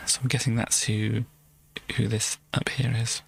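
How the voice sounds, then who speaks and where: A man in a casual live stream, talking at an everyday mid pitch into a desktop microphone. He reads game text aloud in a plain way and breaks off for wry remarks. He often trips over his words, repeats them and restarts his sentences. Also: level tone, moderate pace, creaky, fairly bright tone, slightly rough, dry recording. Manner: wry asides between read passages.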